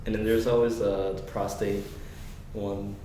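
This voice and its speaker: Laid back young guy, kinda low voice, stops n starts a lot, faint hiss. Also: flat delivery, warm tone. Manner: easygoing, encouraging, halting with fillers. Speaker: podcast co-host. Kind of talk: casual chat. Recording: echoey room, faint hiss.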